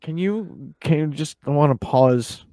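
A man's voice: on the high side, animated, unhurried, dark tone, no echo. A man co-hosting a podcast, spinning a mock-dramatic comic scene with swearing. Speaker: podcast co-host. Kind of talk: casual chat, mock-dramatic storytelling.

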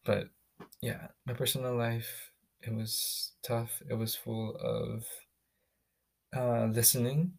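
A young man from the Philippines hosting a podcast, telling his own story in a casual, candid, profane way with quick restarts. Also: medium pitch, little pitch movement, creaky. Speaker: podcast host.

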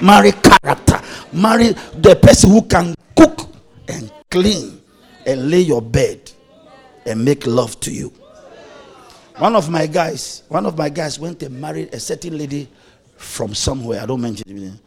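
Lively, high-voiced storytelling pastor. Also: male voice, normal speed, gravelly, slightly rough. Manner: animated, playful, laughing preacher telling anecdotes. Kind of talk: storytelling sermon.

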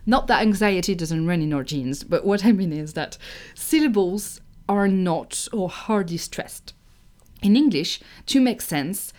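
With a fairly low pitch, this young French teacher from France gives an animated, emphatic online pronunciation lesson, speaking with the accent of a native French speaker.

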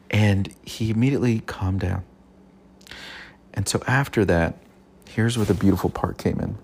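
Earnest deep-voiced dad. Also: male voice, moderate pace, creaky, pauses often, a little hiss or hum. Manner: earnest, repeats himself, soft quoted asides. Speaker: father giving parenting advice. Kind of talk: personal storytelling to camera.

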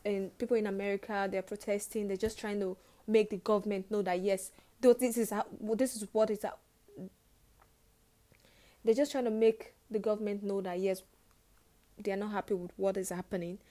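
On her personal podcast, a young host speaks with feeling and sincerity, frequently repeating phrases to stress them. Her voice is mid-pitched, steady, and dark, and she keeps a moderate pace.

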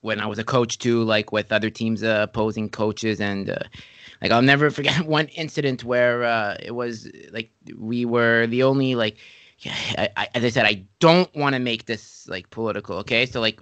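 A male podcast host tells stories in a lively, animated way, slipping into the voices of the people he quotes. His voice is mid-pitched and sounds dry and close. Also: a little fast, no room sound. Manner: animated storyteller, acts out quotes. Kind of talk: casual interview chat.

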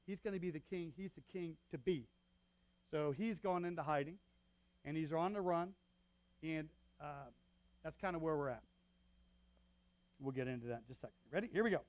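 A male pastor with a slightly raised pitch delivers a sermon in a relaxed, conversational way. He reads scripture aloud and punches the quoted speech with extra force. The sound is close and dry, with little room around it. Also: no echo. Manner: conversational, checks in with the congregation.

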